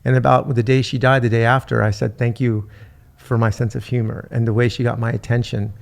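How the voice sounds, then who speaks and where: A middle-aged man, a podcast host, telling an emotional personal story in a halting way, often repeating his words. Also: medium pitch, flat delivery, creaky.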